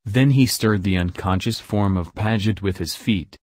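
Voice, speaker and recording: A man narrating an audiobook in an even, measured reading voice. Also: on the low side, no echo, studio quality. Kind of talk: scripted narration.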